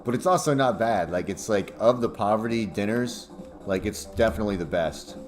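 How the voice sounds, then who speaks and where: A man's voice: on the low side, lively intonation, normal speed. A young man chatting casually and profanely on a livestream, rambling and laughing often. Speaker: streamer. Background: music playing.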